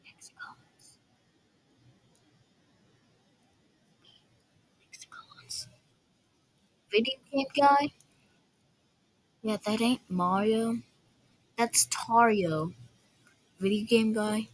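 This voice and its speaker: A woman doing casual reaction commentary, breaking into quick incredulous outbursts. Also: a little high, rough recording. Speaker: video reactor.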